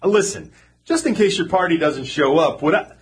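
A man's voice: on the high side, a little fast, breathy edge. An actor playing a cocky, sarcastic young male shop clerk who just lost his job, in a 1940s radio play. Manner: teasing, sarcastic and persistent.

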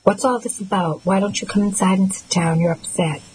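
Audiobook: a kind, motherly older woman, read by the narrator, gentle and lifted. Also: mid-range voice, fairly even intonation, fairly quick, a little hiss or hum, lightly acted, rough recording. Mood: tender. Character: kind older mother, warm then guarded.

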